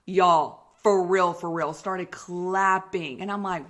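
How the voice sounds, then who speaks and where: Young woman podcast host, bright forceful voice, animated and slangy, laughs a lot. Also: mid-range voice, measured pace. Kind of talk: casual storytelling podcast.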